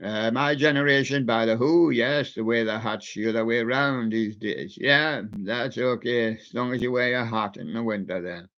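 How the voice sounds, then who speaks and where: A man hosting a casual radio show, chatting playfully with the soft toys in his studio. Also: medium pitch, normal speed, hardly any pauses. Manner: chatty, playful, talks to soft toys and does their voices. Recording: dull lo-fi sound.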